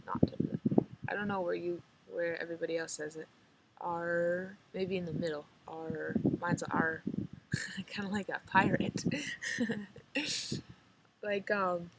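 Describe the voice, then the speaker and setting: A woman's voice: fairly low pitch, creaky, a bit bright, a little hiss or hum, low-quality recording. Chatty teen girl with a slight drawl. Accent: slight rural drawl. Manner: chatty, rambling, giggly, lots of "like". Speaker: vlogger. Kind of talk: casual chat to camera.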